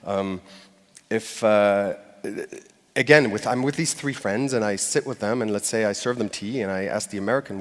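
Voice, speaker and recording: A man's voice: fairly low pitch, normal speed. A man giving a conversational talk on stage, speaking directly to a live audience. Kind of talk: conference talk. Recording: long hall reverb.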